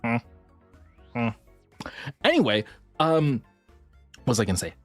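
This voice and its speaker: A woman chatting casually with viewers on a livestream, swinging between squealing excitement and low mumbles, swearing now and then. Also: a little slow, dry recording, faint music behind.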